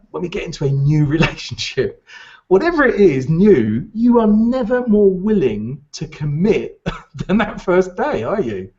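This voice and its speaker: A man's voice: medium pitch, a little mellow, lo-fi sound. A man giving a motivational training talk to recruitment business owners, emphatic and repeating his key points.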